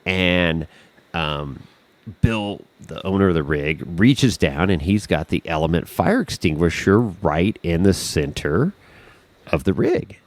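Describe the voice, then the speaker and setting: A man, a podcast guest, telling a story in a casual, animated way, swearing freely and acting out the scene. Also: low voice, takes it slowly, dry recording.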